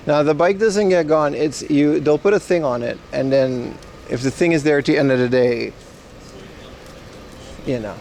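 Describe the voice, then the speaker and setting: A man's voice: on the high side, normal speed, a little mellow, a little hiss or hum. A man in his thirties hosting a casual livestream outdoors on city streets, rambling and answering viewer chat while biking. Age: 30s. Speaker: livestream host.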